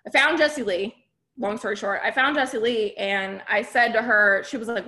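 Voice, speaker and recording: A woman's voice: on the high side, moderate pace, sharp tone. A woman podcast host and business coach giving a candid, emphatic motivational talk to a live group. She often checks in with her listeners.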